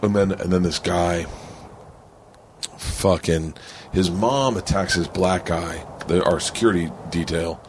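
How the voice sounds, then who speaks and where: A man's voice: sits low, measured pace, slight background noise. A man hosting a casual chat with fellow comedians, telling stories animatedly and acting out what people said. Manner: animated storyteller, acts out quotes. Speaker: podcast host. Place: rented home.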